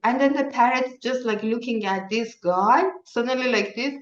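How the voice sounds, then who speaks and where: A woman leading a workshop, telling a story in halting with many fillers, heard over a video call. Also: medium pitch, slight background noise. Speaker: workshop leader. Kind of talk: casual storytelling. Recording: roomy, distant, dull sound.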